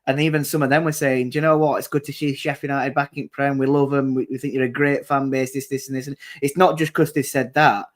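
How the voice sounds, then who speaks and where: Co-host, casual and anecdotal, medium-pitched voice. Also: male voice, level tone, fast, few pauses. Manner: rambling, anecdotal. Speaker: watchalong co-host. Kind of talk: casual football chat.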